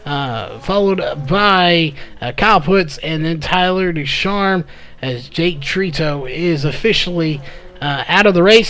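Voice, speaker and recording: A man calling a live race play-by-play, slightly hoarse from losing his voice, with frequent "uh" fillers. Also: a little high, measured pace, fairly bright tone. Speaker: race commentator.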